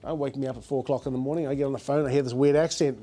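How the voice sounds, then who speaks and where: A man's voice: mid-range voice, fairly even intonation, rapid-fire, warm tone, soft background music. A middle-aged man with a New Zealand accent, a business founder telling stories in a casual, slangy interview, repeating words as he goes.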